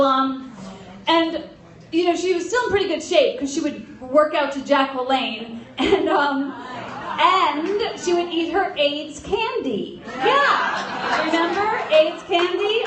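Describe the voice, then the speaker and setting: High-voiced woman telling a comic story. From grew up in an Irish Catholic family. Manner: comic, chatty, laughs between lines. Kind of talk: live storytelling to an audience. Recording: roomy hall sound from a distance.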